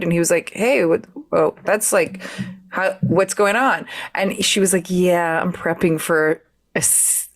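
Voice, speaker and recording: A woman co-hosting a podcast in casual chat, giggling and acting out the people she quotes in a raised voice. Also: fairly low pitch. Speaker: podcast co-host.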